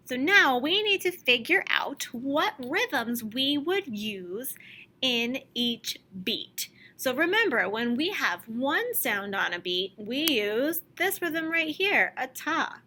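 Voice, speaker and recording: A woman teaching a recorded music lesson to young children, explaining slowly and clearly and chanting rhythm syllables for them to copy. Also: on the high side, sing-song, bright, forceful tone.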